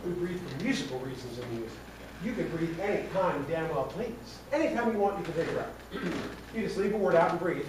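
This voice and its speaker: A man's voice: fairly high pitch, animated, brisk, background noise. A man coaching a choir through a rehearsal, encouraging the singers and singing lines to show how they go. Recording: echoey room from far off, with singing.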